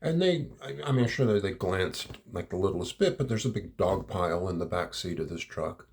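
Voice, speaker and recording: A man's voice: low voice, lively intonation, moderate pace, gravelly, slight background noise. A middle-aged man telling a rambling personal anecdote, repeating words and chuckling as he goes. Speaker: storyteller. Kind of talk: personal anecdote told aloud.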